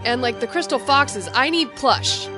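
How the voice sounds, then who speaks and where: A woman's voice: sits high, animated, a little slow, over music. A woman co-hosting a casual fan podcast, bubbly, giggly and enthusiastic. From United States. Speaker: podcast co-host.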